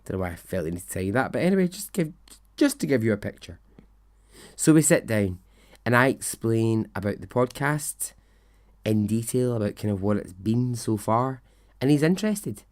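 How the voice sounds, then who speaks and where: A man's voice: fairly low pitch, animated, normal speed, a little mellow. A man, hosting a podcast and telling a personal story in a chatty, rambling way with self-deprecating asides. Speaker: podcast host. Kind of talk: storytelling monologue.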